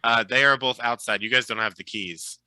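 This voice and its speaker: A man narrating as game master in a relaxed, chatty way, with lots of fillers. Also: mid-range voice, fairly quick, no room sound, low-quality recording.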